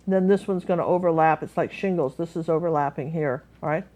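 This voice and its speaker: Woman, painting teacher, lowish voice, chatty and rambling, live class. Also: brisk, warm tone, rough recording. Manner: rambling, many fillers and restarts.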